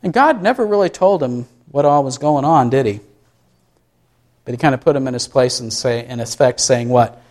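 A man preaching a sermon, asking his listeners questions and answering them himself, swinging up high and loud for emphasis. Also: moderate pace. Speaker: pastor.

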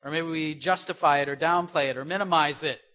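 A man preaching a sermon who asks rhetorical questions and swings between loud stresses and soft asides. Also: fairly high pitch, steady tone, brisk.

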